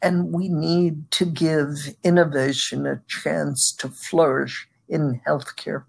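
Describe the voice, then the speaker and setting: A woman answering interview questions as an expert guest, measured and explanatory. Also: deep voice, little pitch movement, creaky, slightly rough. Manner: measured, explanatory, occasional laughs.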